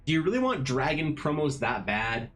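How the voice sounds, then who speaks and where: A man running a casual art livestream, talking straight to his chat. His pitch swings widely as he rants in exasperation, with plenty of profanity. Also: sing-song, moderate pace, fairly bright tone, soft background music. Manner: talks directly to viewers. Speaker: art streamer.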